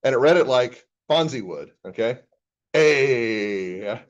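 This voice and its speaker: A man's voice: medium pitch, big pitch swings, normal speed, highs cut off. A man, an accounting professor, giving a casual classroom lecture and reading chatbot replies aloud with his own comments.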